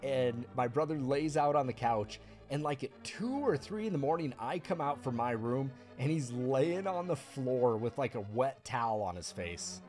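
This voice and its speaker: A man's voice: medium pitch, lively intonation, normal speed, hardly any pauses, darkish tone. A man streaming a video game, telling a long story in casual chat, rambling and laughing with plenty of fillers. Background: faint video game music.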